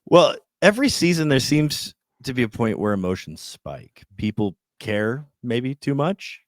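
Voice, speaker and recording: A man hosting a podcast interview, asking prepared questions in a measured way. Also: mid-range voice, big pitch swings, no echo, studio quality. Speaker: podcast host.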